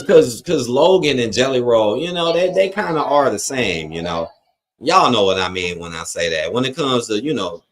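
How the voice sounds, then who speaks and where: A man hosting a live watch-along stream, reading chat comments aloud and giving blunt, profane opinions in a loose, rambling way. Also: lowish voice. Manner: loose, rambling with frequent fillers.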